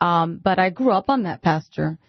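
A woman's voice: fairly low pitch, expressive, normal speed, no echo, highs cut off. A woman guest on a Christian talk show, speaking earnestly and with conviction about her faith.

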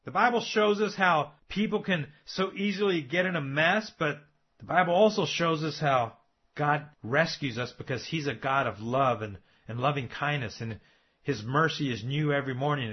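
A man's voice: on the high side, husky. A man preaching a sermon, emphatic and asking rhetorical questions of his listeners. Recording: dull lo-fi recording.

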